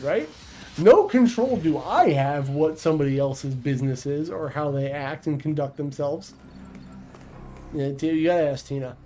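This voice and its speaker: A man's voice: a little high, a little mellow, low-quality recording. A man chatting casually on a livestream, blunt and profane, rambling with restarts. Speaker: streamer.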